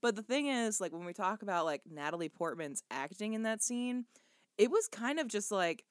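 A woman in casual podcast chat, giving relaxed, critical takes on a film's acting and story. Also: medium pitch, moderate pace, no room sound, clean studio sound. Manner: relaxed, critical, laughs along. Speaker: podcast co-host. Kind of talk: casual movie review chat.

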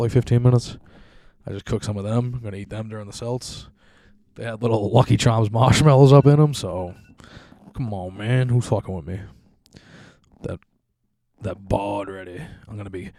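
A young man talks through a loose, profane podcast monologue in a fairly low, mellow voice. He rambles from one crude story to the next and keeps chuckling at his own jokes. The sound is dry and close, with no room around it. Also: no echo. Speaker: podcast host.

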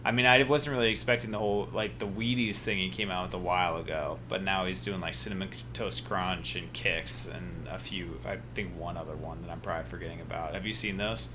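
A man's voice: sits low, steady tone, brisk, few pauses, background noise. A man from Iowa co-hosting a casual sports podcast, laid-back and dryly teasing his co-host. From Iowa, USA.

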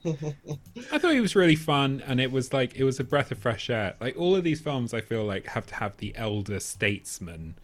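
A man's voice: mid-range voice, big pitch swings, normal speed. A man co-hosting a casual film podcast, throwing in dry, teasing wisecracks. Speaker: podcast co-host. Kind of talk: casual chat.

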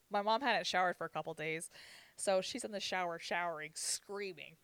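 Casting note: young woman co-host, bright and crisp, chatty gossip with "like" fillers, dry close sound. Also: lowish voice, normal speed, no room sound. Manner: storytelling with frequent laughs and "like" fillers. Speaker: podcast co-host. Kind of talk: casual gossip chat.

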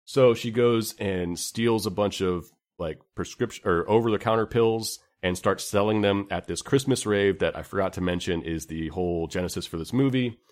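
A man co-hosting a podcast, casually recapping a movie plot in a relaxed, rambling way. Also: on the low side, moderate pace, hardly any pauses. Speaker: podcast co-host.

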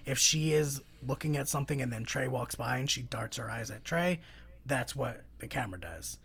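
Gravelly, husky podcast co-host. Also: medium pitch, moderate pace, a bit bright. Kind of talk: casual film discussion.

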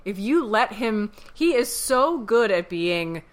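A woman's voice: medium pitch, slow pace. A woman co-hosting a podcast, talking in casual, emphatic bursts full of "like". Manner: animated, emphatic ranting with frequent "like". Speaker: podcast co-host. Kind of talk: casual chat.

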